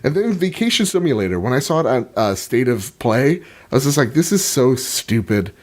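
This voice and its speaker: A male podcast host chatting about games with lots of excited, slangy energy. His pitch swings up and down as he talks. He is playful and quick to joke. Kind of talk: casual podcast chat.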